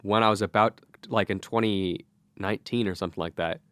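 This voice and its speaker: A young man co-hosting a college radio show, talking in a relaxed, laid-back way. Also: on the low side, fairly quick, smooth, no echo. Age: young adult. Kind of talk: casual chat. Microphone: studio microphone.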